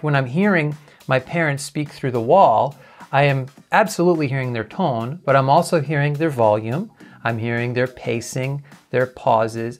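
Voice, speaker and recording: A man teaching as a communication coach, explaining clearly and sometimes imitating sounds to demonstrate. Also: medium pitch. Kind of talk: talking-head lesson.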